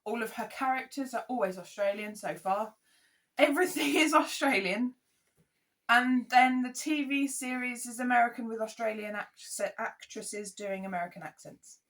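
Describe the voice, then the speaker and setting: High-voiced woman ranting. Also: moderate pace. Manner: animated, ranting, exasperated. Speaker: podcast co-host. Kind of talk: casual chat.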